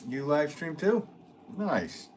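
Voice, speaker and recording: A man's voice: a little high, very animated, slow pace, darkish tone, a little hiss or hum. A man, a potter, chatting casually and playfully with his livestream chat while he works. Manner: playful, joking, answers chat. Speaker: potter streaming live.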